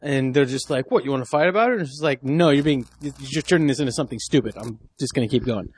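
A man's voice: mid-range voice, fast, slightly rough, no room sound, clean studio sound. A man co-hosting a podcast in casual chat, blunt and swearing freely as he acts out run-ins at bars. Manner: blunt and profane, acts out confrontations. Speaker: podcast co-host.

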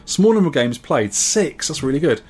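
A man's voice: on the high side, very animated, normal speed, a little mellow, slightly rough. A man from England co-hosting a podcast, reading out listener scores and comments with wry asides in casual chat. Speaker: podcast co-host.

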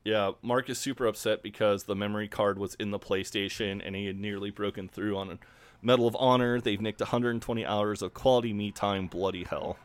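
Laid-back swearing man, low voice. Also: steady tone, fairly quick, clear, resonant tone. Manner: laid-back, swears freely, laughs often. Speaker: podcast co-host. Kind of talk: casual chat recapping a TV episode.

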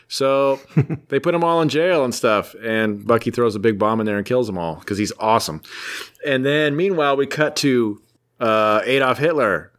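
A man's voice: mid-range voice, lively intonation, moderate pace, fairly bright tone. A man co-hosting a podcast, casually recapping a comic book in a jokey, rambling storytelling way. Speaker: podcast co-host.

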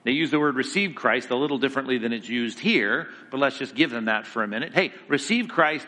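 A man's voice: medium pitch, quick pace, pushed and bright, long reverb tail. A man giving a theology lecture to a class, emphatic and conversational, asking the students questions as he goes. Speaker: Bible teacher.

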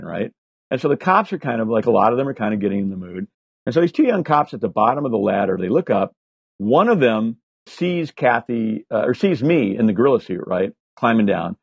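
Husky 60s guy telling wild stories, lots of swearing and um's, dry kinda dull audio. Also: mid-range voice, dry recording. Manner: profane, animated anecdotes with many fillers. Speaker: guest. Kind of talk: casual storytelling interview.

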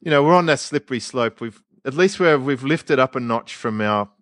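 A man co-hosting a podcast in casual, blunt chat, laughing often and trailing off into quiet asides. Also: mid-range voice, lively intonation, moderate pace, no echo, studio quality. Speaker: podcast co-host.

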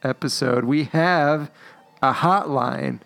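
A man's voice: medium pitch, creaky, fairly bright tone. A man co-hosting a casual podcast, reading trivia in a laid-back, jokey way. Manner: slow, laid-back delivery with jokey asides. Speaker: podcast co-host. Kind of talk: casual chat.

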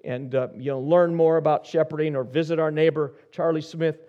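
Pastor preaching with a lo-fi sound. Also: male voice, on the high side, fairly even intonation, a little fast. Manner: storytelling, shifting from soft asides to rising emphasis. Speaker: senior pastor. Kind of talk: sermon.

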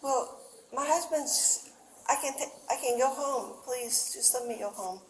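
A woman's voice: sits high, measured pace. A woman being arrested in a courthouse hallway, confused, apologetic and stammering, with slurred speech, heard off-mic on a bodycam. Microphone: officer's body camera, off-mic. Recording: distant echoey bodycam audio with noise.

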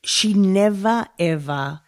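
A woman's voice: medium pitch, slow, dry recording, studio quality. A woman co-hosting a podcast, chatting with playful enthusiasm. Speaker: podcast co-host. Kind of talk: casual podcast chat.

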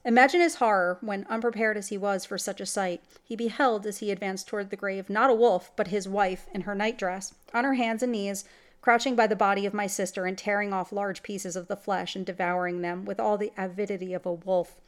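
A woman's voice: medium pitch, steady tone, a little fast. A woman reading a classic gothic horror story aloud in scripted narration, with dramatic delivery. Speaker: story reader.

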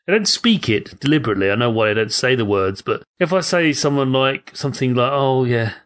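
A man's voice: mid-range voice, big pitch swings, fast talker, a bit bright. A man in his forties with a British accent, chatting casually and jokily as a podcast co-host. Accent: British English. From Britain. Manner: chatty, jokey, laughs often. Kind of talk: casual chat.

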